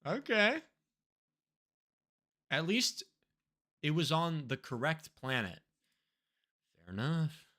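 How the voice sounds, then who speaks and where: A young man streaming himself playing a geography guessing game, excitable and swearing freely, with loud outbursts. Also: on the high side, slow pace, pauses often. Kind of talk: live-stream reaction commentary.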